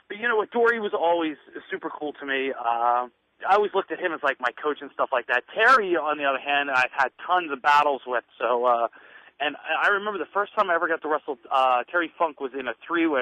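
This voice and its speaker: A man's voice: on the high side, sharp tone, no echo. A man in his thirties from the Northeastern US, a wrestler telling stories as a guest, full of fillers and acted-out quotes. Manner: rambling storyteller, many fillers, acts out quotes. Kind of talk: casual phone interview. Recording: muffled dry lo-fi radio audio.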